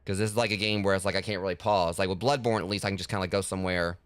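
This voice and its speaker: Fast-talking deep-voiced male streamer. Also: fairly even intonation, a bit bright, clean tone, no room sound. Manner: rambling, heavy with fillers like "like" and "you know". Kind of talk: casual gaming livestream talk.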